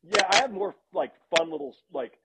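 A middle-aged man, a football analyst, casually telling animated stories as a podcast guest. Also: high voice, normal speed, over a noisy crowd. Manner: animated anecdotes with laughs and restarts. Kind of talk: casual storytelling in a podcast interview. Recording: dull lo-fi sound.

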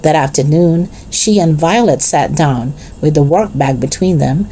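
A woman reading a children's chapter book aloud in a gentle, expressive way. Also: sits low, unhurried, a little hiss or hum. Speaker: narrator.

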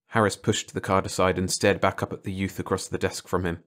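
A man with a low voice reads a short story aloud, steady and measured. His delivery is unhurried and clear, suited to bedtime listening. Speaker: audiobook narrator. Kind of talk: scripted narration.

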